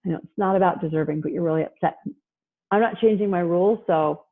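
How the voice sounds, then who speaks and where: A woman's voice: on the low side, fast. Lady talking parenting on a video call, chatty, plays out the kids' voices, sounds like a tinny phone line. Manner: chatty, acts out kids and parents in quoted asides. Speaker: parenting presenter. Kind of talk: casual online talk.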